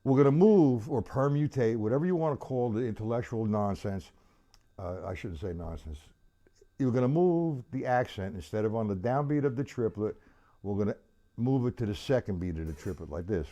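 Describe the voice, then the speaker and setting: A man's voice: mid-range voice, very animated, a little fast, over loud music. A man teaching a live-streamed drum lesson, chatty and loose, counting beats aloud while he plays. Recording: loud drum kit playing behind voice. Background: drum kit playing.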